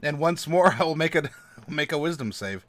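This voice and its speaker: A man's voice: on the high side, a little hiss or hum. A man narrating as game master of a tabletop game, laughing often and stumbling over his words as he describes the scene. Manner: animated, laughing, halting restarts.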